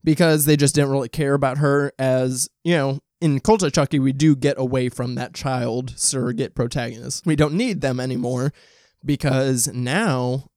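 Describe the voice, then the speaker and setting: A man's voice: mid-range voice, fairly even intonation, normal speed, darkish tone, dry recording, studio quality. A man casually talking through a film review, chatty and enthusiastic with frequent ums and likes, at home. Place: home, dog nearby.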